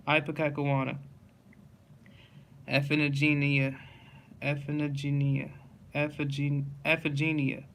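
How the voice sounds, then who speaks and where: Man reading a word list in a flat monotone. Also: on the high side, a little hiss or hum. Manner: slow steady monotone listing, stumbles and restarts on hard words.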